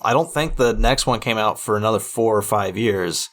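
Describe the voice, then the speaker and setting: A man's voice: on the low side, moderate pace, a bit bright. A man co-hosting a podcast, chatting casually about a movie, often hesitating and repeating words as he stumbles. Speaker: podcast co-host. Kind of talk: casual movie-review chat.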